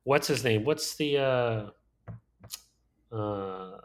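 A man in casual podcast chat, mid-pitched and loose, filling his sentences with "like" and "um". He rambles through his thoughts and chuckles along the way. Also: drawn-out words, a little hiss or hum. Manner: rambling, full of "like" and "um", laughs often. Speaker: podcast co-host. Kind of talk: casual chat reviewing movies.

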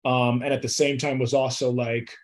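A man's voice: medium pitch, little pitch movement, normal speed. A young adult man, an actor guest in an interview, talking in a loose, laid-back way with lots of fillers and easy laughs. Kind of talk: casual interview chat.

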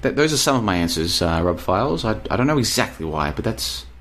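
An Australian man with a fairly low voice hosts a casual live stream and reads out viewers' messages. He talks in loose, rambling runs and hammers his points home by repeating them. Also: very animated, fast, fairly bright tone, a little hiss or hum. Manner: rambling, emphatic, repeats himself. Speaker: podcast host reading live chat. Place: apartment in Bulgaria.

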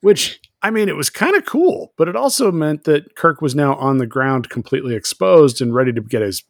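A man co-hosting a podcast, casually recapping a TV episode, laughing often and acting out characters in quick voices. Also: a little high, expressive, no room sound, studio quality. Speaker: podcast co-host.

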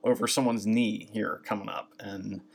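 A man's voice: lowish voice, steady tone, moderate pace, vocal fry, slightly rough. Chill guy cohosting a podcast, easygoing, swears now and then. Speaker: podcast co-host. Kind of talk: casual wrestling chat.

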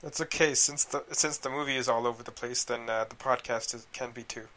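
Easygoing man with a very bright voice. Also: mid-range voice, steady tone, a little fast. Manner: laid-back, agreeing, laughs often. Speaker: podcast co-host. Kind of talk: casual chat.

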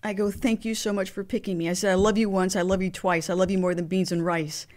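A woman's voice: mid-range voice, flat delivery, darkish tone. A woman sharing personal memories as an interview guest, speaking earnestly with frequent restarts. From Mexican heritage. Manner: earnest, halting, many restarts. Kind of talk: emotional personal storytelling.

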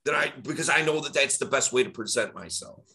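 A man, a dating coach, talking in a casual podcast conversation with an energetic, emphatic public-speaking delivery and big swings in pitch. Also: fast. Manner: animated public-speaking tonality.

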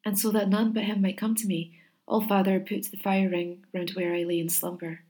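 A woman's voice: medium pitch, level tone, normal speed, warm tone, close to an everyday voice. Storybook Valkyrie, proud and grave, declaiming solemnly; a woman puts her on. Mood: tender. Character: proud, stern young woman, a waking Valkyrie.

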